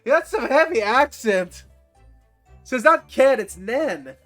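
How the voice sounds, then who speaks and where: A male streamer commenting live on a game, excitable and swearing, with sudden loud outbursts. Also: very high-pitched, a little slow, faint music behind.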